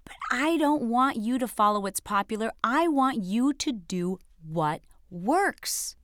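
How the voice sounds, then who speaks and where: A woman's voice: fairly high pitch, animated, takes it slowly, dry recording, studio quality. A woman fitness instructor giving a scripted motivational coaching talk, emphatic and direct as she speaks straight to the viewer.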